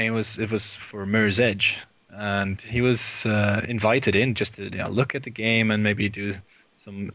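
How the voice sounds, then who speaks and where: A man from Sweden, a guest video director, telling lively anecdotes in casual chat and laughing often. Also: fairly low pitch, dry recording. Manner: lively storyteller, laughs often, many fillers. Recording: dry, dull lo-fi sound.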